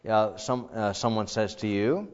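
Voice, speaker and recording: Middle-aged man, Bible class teacher, casual and animated, dull lo-fi sound, long reverb. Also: lowish voice, a little slow, clean tone. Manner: casual, animated, acts out quoted dialogue.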